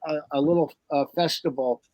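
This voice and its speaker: A man comedian recalling old shows in a slow, rambling, profane way during a round-table chat. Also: on the high side, fairly even intonation, a little mellow, no echo. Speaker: comedian guest.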